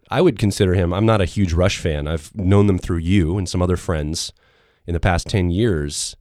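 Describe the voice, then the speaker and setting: A man co-hosting a casual podcast, his voice hoarse and run-down, deep and rough, talking in an easygoing way. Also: a little mellow, dry recording, clean studio sound. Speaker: podcast co-host.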